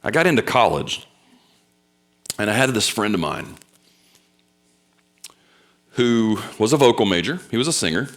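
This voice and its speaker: A young man preaching a sermon, telling stories with loud bursts and quiet asides. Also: on the low side, very animated, a little slow, long pauses. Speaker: pastor.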